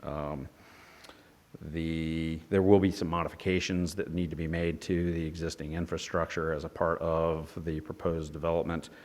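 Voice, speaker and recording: A man with a very low voice delivers a technical report at a formal public hearing. He pauses often, fills gaps with "uh" and restarts his sentences. His voice carries a long reverb from the hearing room. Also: little pitch movement, darkish tone. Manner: halting, many fillers and restarts. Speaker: engineer presenting a development project.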